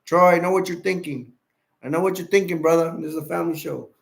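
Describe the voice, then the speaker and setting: A man's voice: a little high, fast, creaky. A man hosting a casual livestream chat, rambling and playful and laughing easily as he reads viewer comments. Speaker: livestream host. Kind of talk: casual live stream chat.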